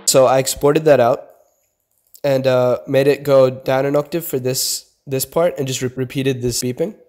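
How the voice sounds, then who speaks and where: A man's voice: medium pitch, steady tone, moderate pace, darkish tone. A young man walking through how he builds a beat, talking casually step by step with lots of "kinda" and "like". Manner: laid-back, explains step by step with fillers like "kinda" and "like". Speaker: beat producer teaching a tutorial. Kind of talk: casual tutorial voice-over. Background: beat playing faintly under the voice.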